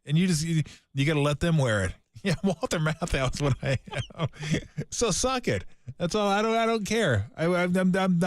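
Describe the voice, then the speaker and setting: A man's voice: fairly high pitch, no echo, studio quality. Emphatic, ranting radio co-host man. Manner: ranting, emphatic, mock-grumpy. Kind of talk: casual studio banter. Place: radio studio. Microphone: studio microphone.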